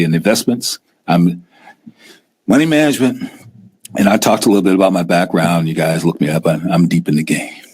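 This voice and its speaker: Middle-aged guy hosting a live stream, kinda low and husky, gets animated. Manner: animated, acts out scared investors in a raised voice. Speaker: host. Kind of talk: casual live-stream talk.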